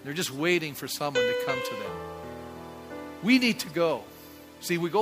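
A man's voice: a little high, expressive, normal speed, over music. A man in his sixties, a pastor giving a conversational sermon and asking the congregation rhetorical questions. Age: 60s.

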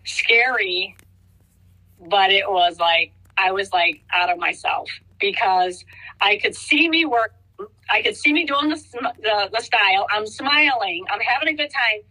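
A middle-aged woman, a hairstylist guest in a casual interview, talking in halting bursts with many restarts and lively quoted reactions. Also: medium pitch, rough recording.

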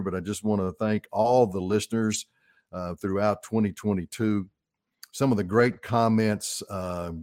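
A man's voice: fairly low pitch, darkish tone, dry recording, clean studio sound. Folksy Arkansas man hosting radio. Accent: Arkansas Southern. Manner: folksy, upbeat, often says folks. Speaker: radio show host, financial advisor. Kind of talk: radio talk show monologue.

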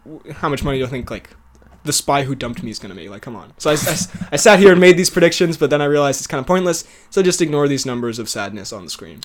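A man's voice: fairly high pitch, expressive, fast talker. Chatty male podcast co-host. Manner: chatty, laughs often, trails off and restarts. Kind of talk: casual chat.

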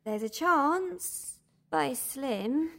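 A woman playing a calm, sardonic spa worker. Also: high voice, extremely slow, creaky, exaggerated voice. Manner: dry, unflappable, new-agey. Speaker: spa employee. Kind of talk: audio drama acting.

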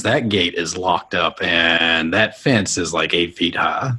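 Male game master, low and husky, brisk plain scene narration. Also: pushed and bright.

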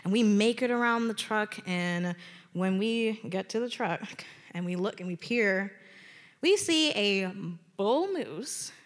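A woman telling a personal story to an audience from a stage, in an animated, conversational way with dramatic emphasis. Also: medium pitch, slow pace. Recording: long hall reverb.

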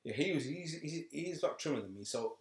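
A man's voice: fairly high pitch, animated, brisk, darkish tone. A man co-hosting a casual podcast chat at home, telling a rambling story with frequent laughs. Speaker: podcast co-host. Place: home room. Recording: echoey home room.

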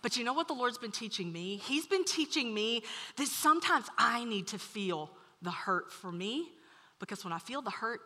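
A woman preaching a sermon to a room, telling a story with animated swings from loud to hushed. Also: a little high, normal speed. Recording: long hall reverb.

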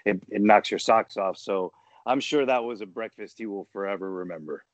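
A man's voice: fairly low pitch, moderate pace, no echo, lo-fi sound. A man hosting a casual chat, easygoing and rambling with many fillers.

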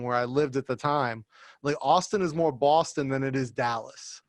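A man's voice: mid-range voice, normal speed, no echo. A man in his thirties co-hosting a podcast, talking casually and joking, sometimes putting on voices. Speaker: podcast co-host.

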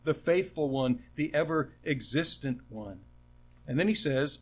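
A male preacher with a slightly raised pitch delivers an expository sermon. His teaching tone is earnest, and he often stumbles into repeating words. He slows right down to lean on each quoted verse. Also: expressive.

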